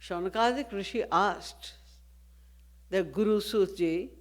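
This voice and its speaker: A woman with a mid-range voice gives a devotional discourse as a spiritual teacher, speaking in a measured way and posing rhetorical questions.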